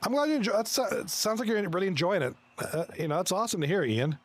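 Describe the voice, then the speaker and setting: Upbeat man calling a video game hockey match. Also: high voice. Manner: excitable, quick reactions to plays, chuckles often; chats with viewers between plays. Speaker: esports league commentator. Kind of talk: live hockey game commentary.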